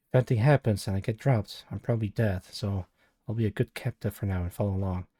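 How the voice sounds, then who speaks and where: A man's voice: fairly low pitch, dark tone, husky, no echo. A man reading a web novel aloud on a live stream, narrating in the first person with casual asides and self-corrections. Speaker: live-stream story reader.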